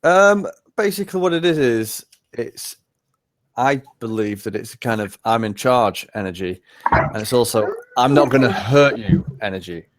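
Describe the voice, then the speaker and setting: A man's voice: medium pitch, expressive, normal speed. A man in casual conversation, speaking hesitantly, with many fillers and restarts. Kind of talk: casual chat.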